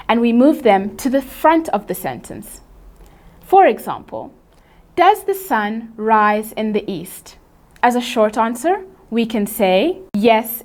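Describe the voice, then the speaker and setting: A woman teaches an English grammar lesson, explaining the rules in a clear, measured way and reading example sentences slowly and carefully. Her voice is fairly high with a darkish tone.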